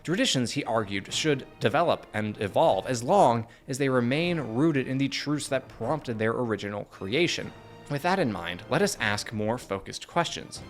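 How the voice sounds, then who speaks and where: A man narrating a scripted video essay in an earnest, measured way, with dry asides. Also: mid-range voice.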